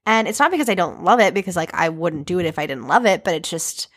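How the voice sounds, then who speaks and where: A woman's voice: lowish voice, animated, quick pace, fairly bright tone. A young woman hosting her own podcast, chatting casually and rambling with lots of fillers and self-deprecating asides. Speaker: podcast host. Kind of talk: casual solo podcast chat.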